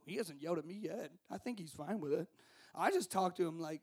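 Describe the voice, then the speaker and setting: High-voiced impassioned male camp preacher. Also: animated, brisk, husky. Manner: impassioned, shouting at peaks, then soft and hushed. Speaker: camp speaker. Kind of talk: sermon to students. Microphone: handheld microphone.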